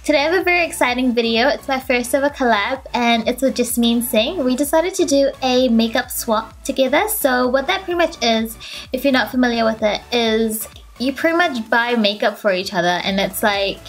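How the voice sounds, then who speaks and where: A young woman beauty vlogger talking casually and gushing excitedly while she unboxes gifts, with lots of fillers. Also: a little high, normal speed. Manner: bubbly and gushing, many fillers.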